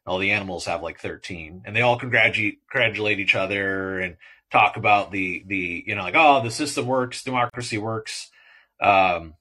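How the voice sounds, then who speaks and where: A male podcast host who talks alone, rambling through book picks and slipping into character voices as he retells the stories. His voice sits on the low side, but the tone is bright and forward. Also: slightly rough. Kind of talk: solo podcast talk about children's books.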